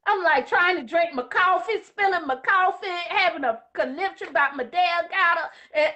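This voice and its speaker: A woman telling a lively personal story in casual conversation, getting emotional as she goes. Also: extremely high pitch, moderate pace, dull audio. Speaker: guest.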